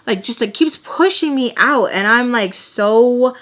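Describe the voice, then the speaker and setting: A young woman telling a personal story in a casual storytime vlog, animated and exasperated, saying "like" constantly. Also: a little high, measured pace, hardly any pauses. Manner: animated and exasperated, heavy use of "like". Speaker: storytime vlogger.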